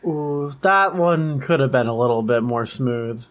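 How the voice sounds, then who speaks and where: A man's voice: medium pitch, unhurried. A man co-hosting a casual podcast, reacting with loose jokes and filler-heavy phrasing. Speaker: podcast co-host.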